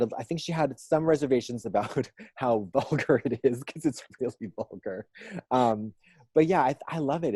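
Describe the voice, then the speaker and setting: A man's voice: mid-range voice, warm tone, dry recording. A man in a casual interview, rambling with lots of fillers and restarts and making dry jokes. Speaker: drag performer and musician, guest.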